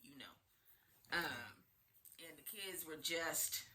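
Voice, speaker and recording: A woman's voice: sits low, takes it slowly, bright, forceful tone, a little hiss or hum. A young adult woman co-hosting a casual chat, playful and teasing, telling stories with gusto. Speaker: podcast co-host.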